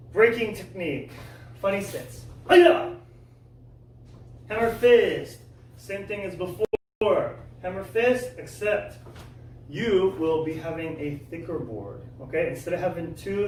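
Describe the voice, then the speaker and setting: A man teaching a kids' martial arts class, coaching step by step, checking in with "okay?" and shouting loud kiai cries. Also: on the high side. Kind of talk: follow-along class instruction for kids. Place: indoor martial arts studio. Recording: echoey room, from far off, faint noise.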